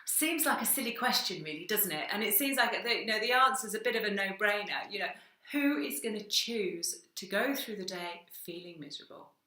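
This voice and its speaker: A woman's voice: mid-range voice, animated, fairly quick, sharp tone, roomy sound. A woman, a hypnotherapist giving a conversational talk straight to camera and acting out little exchanges along the way. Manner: conversational, acts out little dialogues.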